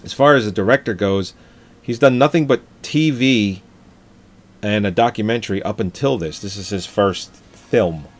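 A man's voice: fairly low pitch, normal speed. Joking man in casual film chat. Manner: jokey, swears, laughs often, reads article aloud. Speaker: podcast co-host.

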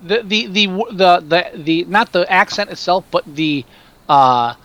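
A man with a New Jersey accent talks in a loose, rambling way, often stumbling and restarting his sentences. His voice sits a little high for a man and has a bright, forceful edge. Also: expressive, measured pace, dry recording, poor audio. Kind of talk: casual chat.

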